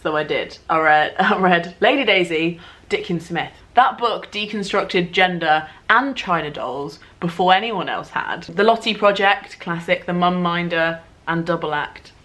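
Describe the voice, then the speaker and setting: A young woman from England talks straight to camera in a loose, chatty way. Her voice sits a little low, and she pokes fun at herself with easy laughs along the way. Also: a little slow, fairly bright tone. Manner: chatty, self-mocking, laughs while talking. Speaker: vlogger. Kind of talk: casual chat to camera.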